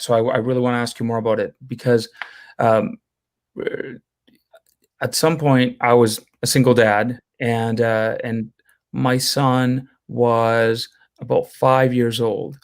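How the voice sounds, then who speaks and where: A man's voice: medium pitch, level tone, unhurried, clean tone. A man hosting a podcast tells an earnest personal story, with many uh and um fillers. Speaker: podcast host. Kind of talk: casual interview chat.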